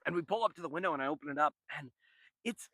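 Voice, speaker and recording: A man's voice: a little high, rapid-fire, fairly bright tone, dry recording. A young man telling a rambling, profane story in a casual vlog. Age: young adult. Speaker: vlogger.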